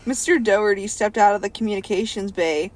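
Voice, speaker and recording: A woman's voice: mid-range voice, brisk, darkish tone. A young woman co-hosting a casual podcast, reading a story aloud and breaking off with giggles to tease the writing. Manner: giggly, reads then breaks off to mock the text.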